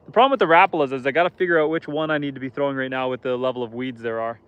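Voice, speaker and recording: A man's voice: mid-range voice, rapid-fire, phone-quality sound, slight background noise. A man hosting a casual live stream outdoors on a lake from a boat, chatting with viewers in a joking, self-deprecating way.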